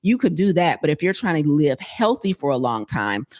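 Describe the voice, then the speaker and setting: Woman health coach, low voice, casual chatty monologue. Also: very animated, normal speed, darkish tone. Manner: chatty, storytelling, laughs often.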